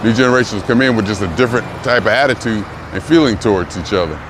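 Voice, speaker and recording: This vlogger in his sixties talks fast in a fairly low voice, rambling and repeating himself emphatically as he reflects in a casual monologue. The noisy outdoor street recording, made near a car rental lot, carries traffic and city noise.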